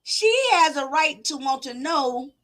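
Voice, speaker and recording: Her voice is high-pitched, slightly bright and unhurried. Running a commentary channel, she reads out what viewers wrote and shares her opinion in a relaxed, conversational back-and-forth with them.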